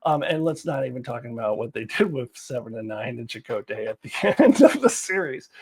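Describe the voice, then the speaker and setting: A woman giving a casual spoken review of a TV show, animated and exasperated, often breaking into laughter as she talks. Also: low voice.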